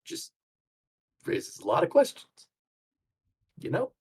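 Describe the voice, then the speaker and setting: A man streaming, chatting casually with dry jokes and explaining things. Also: slow pace. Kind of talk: casual chat during a game voice-over.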